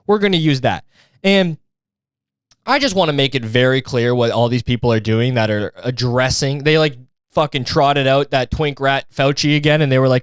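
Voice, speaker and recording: A man's voice: mid-range voice, expressive, normal speed, smooth, dry recording. A young man hosting a solo podcast, ranting in a sarcastic, profane, fired-up way into a close mic. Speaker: podcast host. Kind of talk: casual solo podcast rant.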